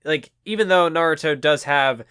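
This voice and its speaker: A man's voice: on the high side, normal speed, sharp tone, clear, resonant tone, no echo, studio quality. A young man co-hosting a casual manga podcast, hesitant at first, then explaining at length. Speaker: podcast co-host.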